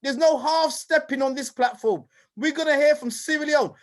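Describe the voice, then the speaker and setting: A man from the United Kingdom hosting a live online event with lively, hyped-up energy, often calling people "brother" and "King.". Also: very high-pitched, normal speed. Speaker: host and presenter.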